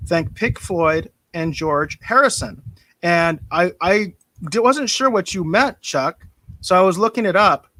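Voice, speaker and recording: A fairly high-voiced man chatting casually on a podcast, chuckling often and repeating words as he gets going. His voice sounds dry and close, with little room sound. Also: animated, unhurried, pushed and bright, no echo. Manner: chuckling, repeats words when starting sentences. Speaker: podcast co-host. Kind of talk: casual chat.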